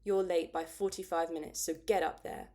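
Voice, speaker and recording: A woman's voice: fairly low pitch, steady tone, normal speed, mellow, close to an everyday voice. A woman reading the lines of a snappish male supermarket supervisor in an audiobook. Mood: scolding.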